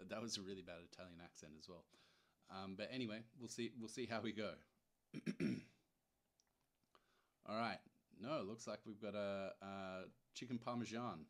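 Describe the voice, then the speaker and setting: A young man giving a casual live screen-share software tutorial. He thinks aloud in a loose, chatty way and adds wry asides as he clicks through. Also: fairly low pitch, steady tone, moderate pace, pauses often. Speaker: software demo presenter.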